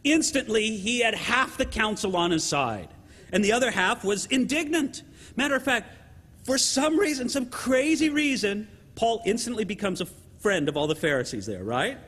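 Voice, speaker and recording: Guy preaching a sermon, super high voice, animated, lots of "right?", long church echo. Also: moderate pace, slightly rough. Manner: animated, keeps asking "right?". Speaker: pastor.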